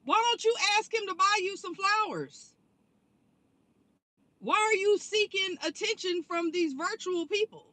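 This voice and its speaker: Woman vlogger, high pitch, bright tone, blunt and profane rant. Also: lively intonation, measured pace, dry recording. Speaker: online commentary creator. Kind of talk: angry rant vlog.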